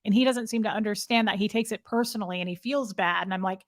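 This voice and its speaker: A woman appears as a guest in a conversational interview, recounting her story candidly and emotionally at a quick pace. She often halts and restarts her sentences. Her mid-pitched voice sounds dry, with no room echo.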